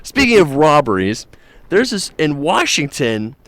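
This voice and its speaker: Brief: male morning show host, higher-pitched voice, rambling and jokey, dry close mic. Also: sing-song, a little slow, fairly bright tone, dry recording. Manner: rambling, jokey storytelling with many fillers. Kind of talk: casual radio-style chat.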